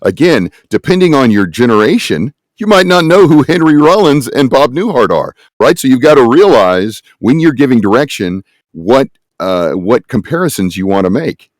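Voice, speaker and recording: A man's voice: medium pitch, sing-song, normal speed, no echo. A man on a conference panel who casts games, speaking emphatically and conversationally, with rhetorical questions. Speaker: panelist, game casting producer.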